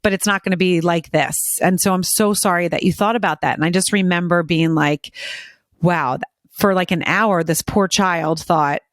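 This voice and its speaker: A woman's voice: on the low side, moderate pace, no echo, studio quality. A middle-aged woman hosting an interview, talking openly and emotionally, telling stories with many restarts. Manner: emotional, animated storyteller with frequent restarts. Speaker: podcast host. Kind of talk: casual interview chat.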